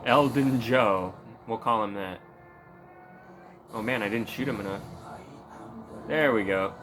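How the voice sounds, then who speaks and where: A man's voice: fairly low pitch, measured pace, noisy background. Rambling, profane gaming streamer man. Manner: profane, rambling, laughs at his own jokes. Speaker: gameplay streamer. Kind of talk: casual commentary over gameplay.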